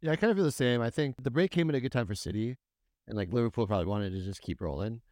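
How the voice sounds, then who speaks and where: A man's voice: medium pitch, expressive, rapid-fire, darkish tone, dry recording, studio quality. A man hosting a casual soccer podcast, steering the chat and putting questions to his co-hosts. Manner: leads the talk, asks the others questions. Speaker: podcast host.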